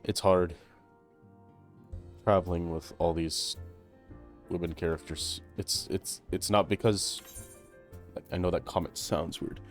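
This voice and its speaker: A man streaming a game, talking casually and haltingly with frequent restarts. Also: low-pitched, steady tone, soft background music. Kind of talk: casual gameplay commentary.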